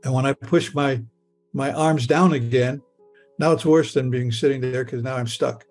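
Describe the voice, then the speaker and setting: An older man from Michigan telling a personal story of nearly drowning, in a halting way that stumbles and repeats words as he relives it in the present tense. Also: mid-range voice, darkish tone, faint music behind. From Michigan, USA. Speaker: interviewee recounting a near-death experience.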